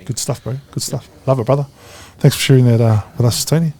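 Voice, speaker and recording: A man's voice: mid-range voice, fairly even intonation, quick pace, dark tone. A man with a New Zealand accent hosting a podcast, joking and laughing as he chats with his guests. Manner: jokey, laughing, calls guests bro. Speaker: podcast host. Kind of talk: casual chat.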